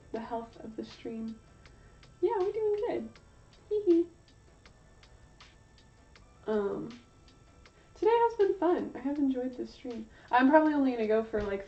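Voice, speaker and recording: A woman's voice: on the high side, darkish tone. A young woman chatting casually on her art livestream, rambling with lots of fillers and correcting herself as she goes. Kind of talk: casual livestream chat while drawing. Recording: slightly dull lo-fi stream audio.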